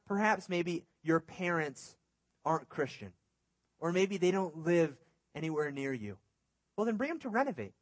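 A man's voice: high voice, dry recording. Earnest young man preaching, dry sound. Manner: earnest, conversational preaching with humorous asides. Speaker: youth pastor. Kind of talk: sermon.

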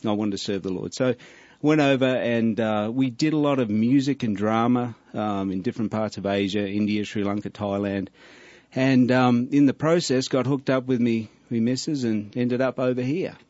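A man's voice: mid-range voice, moderate pace, darkish tone, no echo. A middle-aged man with an Australian accent, a jokey, laid-back radio guest. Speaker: studio guest, musician. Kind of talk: casual radio chat. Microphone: studio microphone. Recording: dull lo-fi radio studio.

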